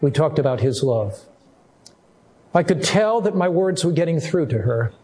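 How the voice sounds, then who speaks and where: An older man preaching a sermon as a pastor, earnest, with slow, drawn-out emphasis on key words. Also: on the high side, expressive, darkish tone, slight background noise.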